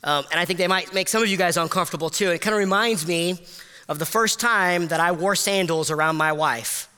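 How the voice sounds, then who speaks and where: A man preaching a sermon as a pastor, impassioned and rising high at emotional peaks, then dropping soft, with casual self-deprecating asides full of fillers. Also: fairly quick, clean tone, big-room sound.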